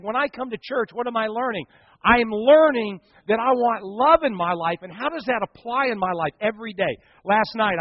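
A middle-aged man preaching a sermon, reading jokes aloud with animated, playful delivery. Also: high voice, no echo, highs cut off. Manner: jokey, animated storytelling with punchlines. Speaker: pastor. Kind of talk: sermon with humor.

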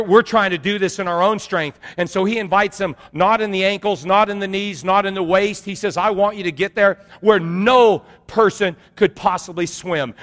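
A male pastor delivers a sermon in a high, bright-edged voice. He preaches in an animated, storytelling manner and calls out for amens. His words ring through a church hall with a long reverb.

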